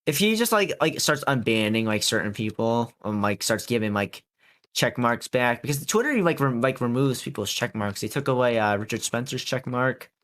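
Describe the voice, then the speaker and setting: A man's voice: medium pitch, lively intonation, moderate pace, fairly bright tone. A young man on a podcast, talking in a rambling, casual way with lots of filler words and swearing. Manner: rambling, filler-heavy and profane. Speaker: podcast co-host.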